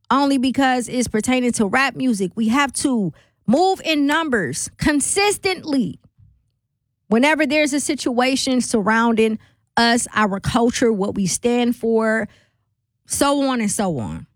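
A woman's voice: a little high, no room sound. A woman hosting a radio talk show, chatting casually with laughing asides and rallying calls to her listeners. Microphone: studio microphone.

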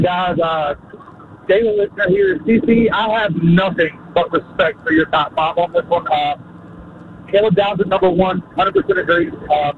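A man's voice: sits high, vocal fry, slight background noise. A young man from Mississippi, calling in out of breath from outdoors, hesitant and full of filler sounds. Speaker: caller. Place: outdoors on a golf course. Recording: tinny phone line.

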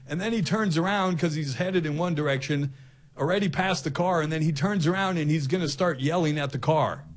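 Middle-aged male talk host, animated storyteller who acts out the people in his story. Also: fairly high pitch. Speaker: radio host.

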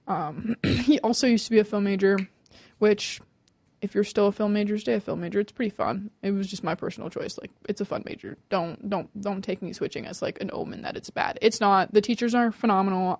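A woman of twenty hosting a student radio show in casual chat, talking fast and nervously with many fillers and restarts. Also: mid-range voice, darkish tone, no room sound. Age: 20s.

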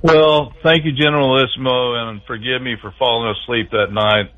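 A man's voice: mid-range voice, steady tone, normal speed. A man calling in to a radio show, rambling in a folksy, meandering way. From Tennessee. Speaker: caller. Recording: tinny phone line.

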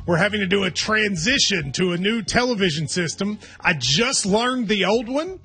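A man's voice: high voice, lively intonation, moderate pace, sharp tone, slightly rough. A man hosting a sports talk show, chatting casually and teasing his co-host wryly. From Kentucky. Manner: wry, teasing, hedging restarts. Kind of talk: casual sports radio chat.

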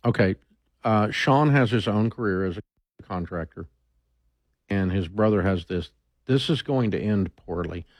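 A man's voice: lowish voice, a little slow, pauses often, no echo. A man hosting an advice talk show, speaking bluntly in a casual way and restarting his sentences as he thinks aloud.

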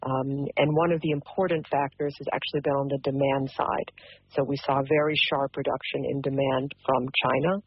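Woman expert on a radio interview, husky voice, dry thin line sound. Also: a bass voice, level tone, a little fast, no room sound, muffled recording. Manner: thoughtful, many ums. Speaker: energy policy expert guest.

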